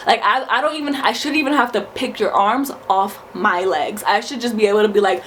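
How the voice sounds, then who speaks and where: A woman in her twenties from New York, telling a story in a casual vlog, animated, profane and emphatic. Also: medium pitch, a little fast, hardly any pauses, slight background noise. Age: 20s. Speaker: vlogger.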